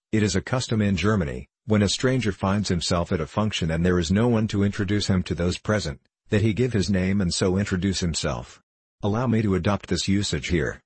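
A man reading a classic novel aloud as an audiobook narrator, in a steady, measured way, lightly voicing the dialogue. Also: sits low, breathy edge, no echo. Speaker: audiobook reader.

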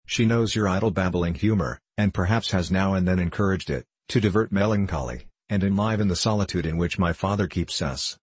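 A man reading the part of a pious, dutiful young princess in a measured, solemn way, with a husky voice. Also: low-pitched, dry recording. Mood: grave.

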